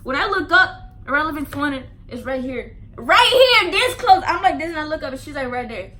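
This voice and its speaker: A woman with a high, bright voice tells a casual storytime for her vlog. She talks emphatically, swears freely and leans on "like" as she piles on the details. Her delivery is animated and sharp. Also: fairly quick. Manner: animated, emphatic and profane, lots of "like" fillers. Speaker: vlogger telling a story.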